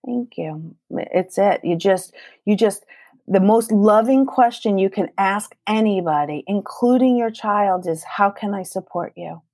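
An earnest woman in her forties talks about love and family as a guest in an interview. Her voice sits at an ordinary middle pitch, and the recording is close and dry, with no room sound around it. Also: unhurried, mellow, no echo. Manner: earnest and emphatic, quoting herself in dialogue. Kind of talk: conversational podcast interview.

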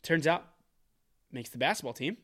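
A young man co-hosting a casual movie review podcast, animated and swearing, acting out film lines. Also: a little high, normal speed. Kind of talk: casual chat.

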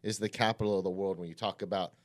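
A man hosting a casual interview, chatty and quick, repeating his phrases as he goes. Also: deep voice, fairly even intonation. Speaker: interviewer host.

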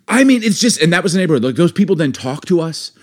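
A middle-aged man co-hosting a casual chat, telling stories and acting out quotes with big jumps in voice. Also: fast. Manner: animated, acts out quotes with big pitch jumps. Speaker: podcast co-host.

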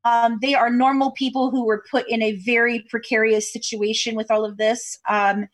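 A woman with a somewhat high voice tells a long story over a video call. She is chatty and fills her talk with ums and you-knows. She comes from Kentucky. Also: flat delivery, moderate pace. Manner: chatty storyteller with many fillers. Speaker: podcast guest. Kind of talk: casual interview chat over video call.

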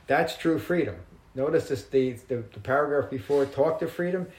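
A man's voice: a little high, a little mellow, reverberant, poor audio. Man giving a reflective dharma talk. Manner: measured, reflective, reads verses aloud slowly. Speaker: Buddhist teacher. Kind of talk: dharma talk to a small group. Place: room with a small group.

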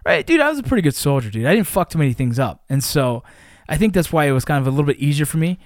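A man with a slightly raised voice tells a story in casual podcast chat. He curses freely and flares into shouts at the tense moments. The sound is dry and close to the mic. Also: on the high side, racing, dry recording. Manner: animated, profane, shouts during exciting moments. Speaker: podcast host.

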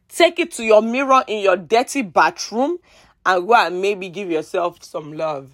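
A woman from Nigeria, speaking with a Nigerian accent, rants in a vlog. Her voice sits at a middle pitch for a woman. She lurches between sharp, loud outbursts and low, weary mutters, full of sarcastic digs and pleading repeats. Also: unhurried. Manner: heated, exasperated ranting with sarcastic jabs and repeated pleas. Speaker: vlogger. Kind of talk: rant vlog.

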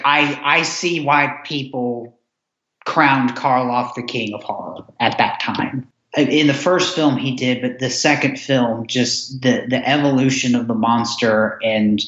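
A man's voice: medium pitch, a bit bright. A man, a podcast guest, chatting enthusiastically about old films, rambling with restarts. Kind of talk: casual chat. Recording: roomy, dull lo-fi sound.

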